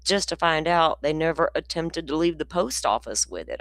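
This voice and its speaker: A woman's voice: deep voice, animated, normal speed, hardly any pauses, fairly bright tone, dry recording. A woman hosting a livestream, talking casually and with exasperation, ranting and laughing often. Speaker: livestream host commenting on a trial.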